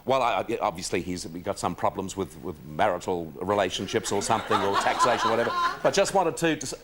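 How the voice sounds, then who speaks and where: A man's voice: fairly low pitch, lively intonation, fast talker. An Australian man hosting a live TV talk show, rambling and joking with the studio audience, often laughing. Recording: 1980s TV broadcast, loud audience noise.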